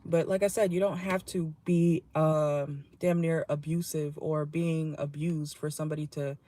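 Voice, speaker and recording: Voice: medium pitch, flat delivery, a little slow, mellow. A tarot reader giving a casual channeled reading from a parked car, talking bluntly with salty language and frequent laughs.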